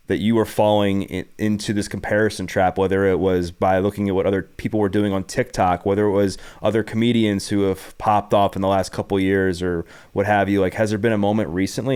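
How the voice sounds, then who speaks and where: A male podcast host with a very deep, smooth, resonant voice. He asks long, earnest questions and wanders through his thoughts with plenty of fillers. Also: level tone, a little fast, a little mellow. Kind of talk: casual interview chat.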